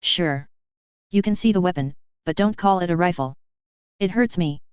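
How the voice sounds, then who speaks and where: A woman's voice: fairly low pitch, normal speed, smooth, no room sound, lo-fi sound, close to an everyday voice. A woman voicing a cool, dangerous woman mercenary who sounds sweet and cheerful with a cold edge underneath, in an audiobook read. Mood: dry.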